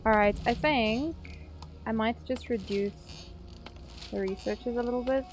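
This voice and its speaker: A woman's voice: fairly high pitch, steady tone, a little slow, soft background music. A woman streaming a game, chatting casually and swearing while she plays. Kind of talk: casual gameplay commentary.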